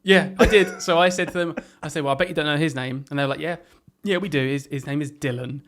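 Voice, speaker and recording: A young man chats casually as a podcast co-host. He laughs through his stories and acts out what others said. His voice sits a little high for a man. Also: fast talker, fairly bright tone, a little hiss or hum. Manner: laughing storyteller who acts out quotes. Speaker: podcast co-host, primary teacher. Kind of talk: casual chat.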